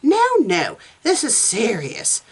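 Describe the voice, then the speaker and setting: A woman's voice: mid-range voice, huge pitch swings, takes it slowly, slightly rough, heavily acted. A woman reading a story aloud and voicing Susan, a snooty, prim English woman who talks in a haughty, lofty, dramatic way. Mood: earnest.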